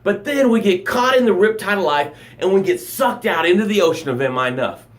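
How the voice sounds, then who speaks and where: A man's voice: high-pitched, a little fast. A middle-aged man, a life coach, giving a dramatic motivational live broadcast to his camera. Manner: dramatic, animated delivery with acted-out sounds and gasps. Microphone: camera for a live stream.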